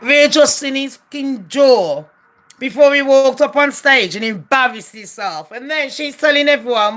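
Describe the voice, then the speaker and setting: A woman's voice: sits high, normal speed, fairly bright tone. A woman ranting bluntly to camera, heated and profane, firing rhetorical questions. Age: adult. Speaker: commentary vlogger. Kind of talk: opinionated rant to camera.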